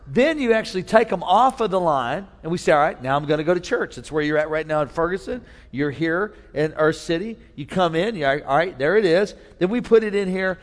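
In a large hall, a man with a fairly high-pitched voice delivers a sermon as pastor. He's recounting an amusing thing that happened to him, doing impressions of the people involved to make the congregation laugh.

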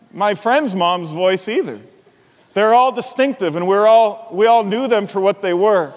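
A middle-aged man preaching a sermon as pastor, earnest, rising to emphatic peaks and dropping low and quiet for weight. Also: in a large hall.

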